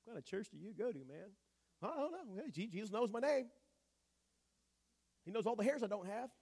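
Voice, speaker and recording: Pastor guy preaching, high voice that bounces all over, keeps cracking jokes. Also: brisk, slightly rough. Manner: animated, joking, conversational preaching. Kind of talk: sermon.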